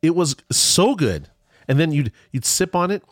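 A man's voice: on the high side, moderate pace, no room sound. A man telling a long, rambling story in a casual chat, his voice rising and falling a lot. He restarts his sentences often, and the sound is close and dry. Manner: rambling, animated, with many restarts.

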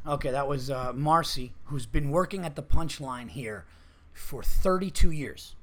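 A man's voice: mid-range voice, unhurried. A man hosting a podcast, telling a long story in casual chat, swearing a lot and filling with "like". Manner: swears freely, lots of "like" fillers. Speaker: podcast host. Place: comedy club.

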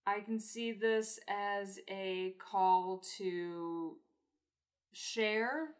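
A woman's voice: medium pitch, very slow. A woman co-hosting a podcast in casual chat, giving dry, short replies. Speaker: podcast co-host.

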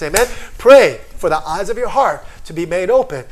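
A pastor preaching a sermon, often checking in with the congregation with "amen?" and "right?", moving between quiet low stretches and loud, high emphatic bursts. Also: big pitch swings, fairly quick, hardly any pauses, a little hiss or hum.

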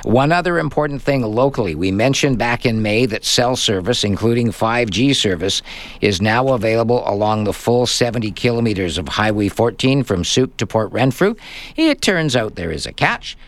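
A man's voice: mid-range voice, animated, normal speed, no room sound. A man hosting a live radio tech show, chatty and plainly explaining tips from a studio microphone. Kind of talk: live call-in radio chat.

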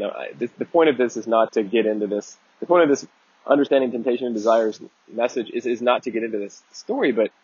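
A man's voice: mid-range voice, a little mellow, slightly rough, no echo, muffled recording. A man giving a conversational Bible teaching talk, earnest and digressive, often restarting his sentences.

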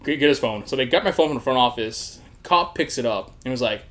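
A young man telling a story in a loose, casual chat. He is animated and profane, laughs often and acts out the people he quotes. His voice sits in an ordinary middle range. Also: mid-range voice, brisk.

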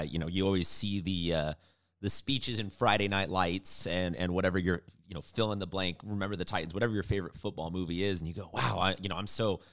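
A man hosting a local sports show, chatty and upbeat as he interviews a coach. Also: sits low. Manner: chatty, upbeat, animated in sign-off. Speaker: sports podcast host.

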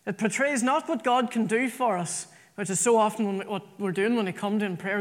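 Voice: medium pitch, a little fast. A preacher delivering an earnest sermon, often repeating phrases for emphasis. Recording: long reverb from a hall.

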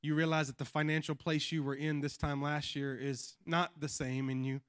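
A male pastor preaching a sermon in church, telling a family story with lively animation and often dropping to a hush before building up to a shout, with repeated asides like "watch this.". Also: on the high side, normal speed, clean tone, no room sound, studio quality. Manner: repeats catchphrases like "watch this" and "you know what I mean".

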